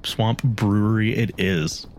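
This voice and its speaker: A man's voice: on the low side, slow pace, a little hiss or hum. A man playing in a tabletop role-playing game, chatting casually with dry, wry humor. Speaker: player.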